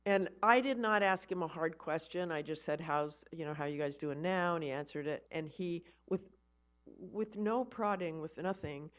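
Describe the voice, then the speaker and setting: A woman giving a conversational lecture to an army audience, telling stories with animated emphasis and often repeating words as she starts a thought. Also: sits low, normal speed, hardly any pauses. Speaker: guest lecturer, war correspondent. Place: lecture event for an army association.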